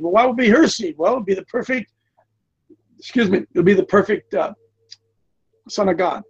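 A man's voice: high-pitched, moderate pace, vocal fry, pauses often, breathy edge, lo-fi sound. A man in his sixties preaching a sermon in a folksy, repetitive, emphatic way. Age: 60s.

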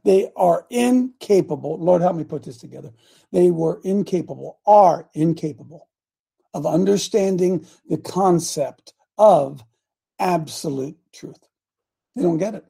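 Older male pastor, gravelly husky voice, fiery repetitive sermon delivery. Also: high-pitched. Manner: impassioned, repetitive, bursts of loud emphasis.

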